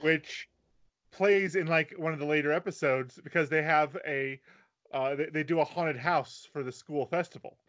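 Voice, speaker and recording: A man's voice: fairly high pitch, moderate pace, fairly bright tone. A man co-hosting a casual anime podcast, adding short replies and then explaining plot points. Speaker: podcast co-host. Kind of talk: casual chat about anime.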